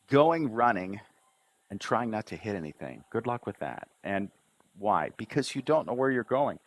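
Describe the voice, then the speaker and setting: A man's voice: on the low side, fairly bright tone. A man teaching English on a livestream, stressing each syllable and drawing out his intonation. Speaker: English tutor. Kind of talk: livestream language lesson.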